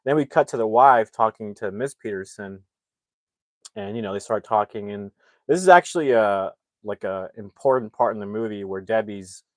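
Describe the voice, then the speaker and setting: A man casually recapping a movie plot, rambling and acting out the characters' lines in quick impressions. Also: lowish voice, animated, dry recording. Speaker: movie reviewer.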